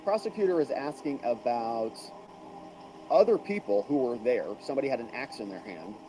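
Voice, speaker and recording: A man talks through courtroom testimony in a loose, conversational way and adds his own take. His pitch moves a lot as he speaks. Clear music plays behind his voice. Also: animated, normal speed, low-quality recording. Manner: conversational, relays courtroom exchanges then adds opinion. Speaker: commentator summarizing trial testimony. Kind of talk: casual live commentary.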